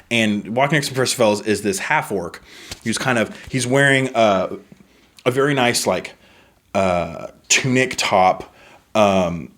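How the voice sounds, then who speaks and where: A man running a tabletop game as game master, narrating scenes in a relaxed, conversational way with fillers. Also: on the low side.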